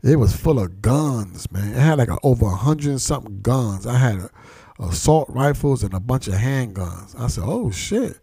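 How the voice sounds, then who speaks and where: A man's voice: mid-range voice, animated, normal speed, gravelly, dark tone, slightly rough, dry recording. A man hosting a podcast who tells street stories in a casual, profane way and acts out the voices of the people he quotes. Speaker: podcast host. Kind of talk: casual conversation, storytelling.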